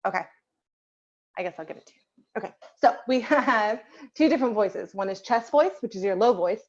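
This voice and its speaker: A woman's voice: medium pitch, animated, a little fast, dull audio. A woman voice teacher leading an online group lesson over a video call, patiently asking the class questions and waiting for answers.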